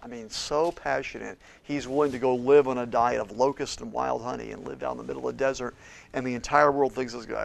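A man preaching a sermon as a pastor in a church, shifting between loud, emphatic declarations and quiet, hushed passages. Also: mid-range voice, steady tone, moderate pace, vocal fry. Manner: preaches with big swings from shouting to hushed tones.

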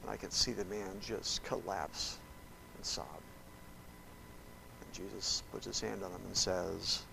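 Man, preacher, sermon, gravelly voice, dramatic storytelling, hushed to loud. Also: low-pitched, flat delivery, a little slow, pauses often, a little hiss or hum, poor audio. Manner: addresses listeners directly.

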